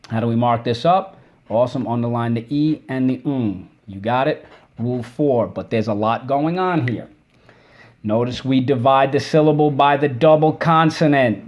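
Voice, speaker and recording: Male teacher, mid pitch, encouraging and upbeat, recorded spelling lesson for kids, stretches out syllables in drills. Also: a little mellow, muffled recording.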